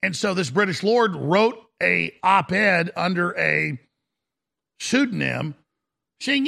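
Gravelly ranting male talk host. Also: sits high, animated, unhurried. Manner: aggressive, shouting rant. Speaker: radio talk show host. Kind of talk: ranting talk-show monologue.

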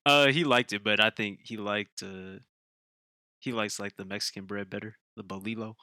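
A man's voice: on the low side, fairly even intonation, normal speed, pushed and bright, no echo, studio quality. A man co-hosting a podcast, chiming in with easygoing casual remarks. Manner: easygoing, chimes in briefly. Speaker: podcast co-host. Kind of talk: casual chat.

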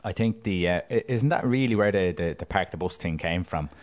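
Irish male guest, deep voice, halting stammery football chat. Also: animated. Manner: hesitant, stammering restarts. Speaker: studio guest, football scout. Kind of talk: casual sports chat.

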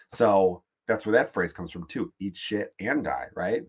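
A man's voice: low voice, moderate pace, hardly any pauses, slightly rough. Crude rambling podcast man. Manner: crude, rambling, swears freely. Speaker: podcast host. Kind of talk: casual comedic monologue.

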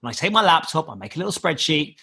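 A man's voice: fairly high pitch, sing-song, fast, gravelly, bright, forceful tone, breathy edge. A man, telling a rambling story as a podcast guest, laughing and swearing often. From United Kingdom. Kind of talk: casual storytelling.

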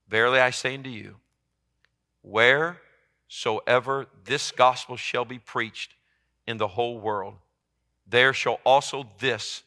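A man preaching a sermon as pastor, swinging from loud emphatic peaks down to low, quiet lines. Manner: impassioned, rising to loud emphatic peaks then dropping low.

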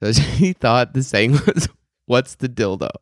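Male podcast co-host, animated storyteller, lively pitch, swears, dry close recording. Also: a little slow, no room sound. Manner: animated, laughing, crude, mimics shrill yelling. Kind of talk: casual storytelling chat.

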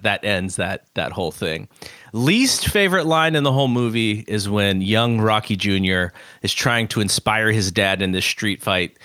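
Bright-voiced man retelling movie scenes. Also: on the low side, no room sound, clean studio sound. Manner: animated retelling, acting out quotes. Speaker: podcast co-host. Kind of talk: casual film review chat.

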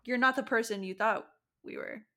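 A woman's voice: a little high, moderate pace, bright, forceful tone. A woman co-host in a casual chat who adds short, supportive reactions and comments.

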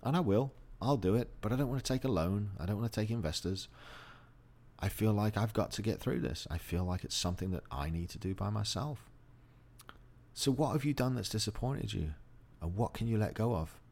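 A man's voice: on the low side, brisk, darkish tone. A middle-aged man hosting a motivational monologue, blunt and profane, speaking openly about personal grief. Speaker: host.

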